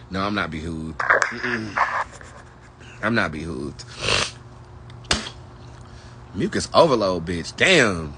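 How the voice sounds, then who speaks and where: A tarot-reading man talks casually to his viewers, sassy and profane as he rambles from one thought to the next. His voice is bright and forceful, sitting at a middle pitch. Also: expressive, unhurried, a little hiss or hum. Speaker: tarot reader. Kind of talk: casual livestream chat with viewers.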